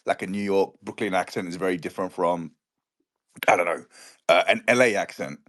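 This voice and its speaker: A man from the UK with a British accent, chatting in a relaxed way. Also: low voice, brisk. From United Kingdom. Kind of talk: casual chat.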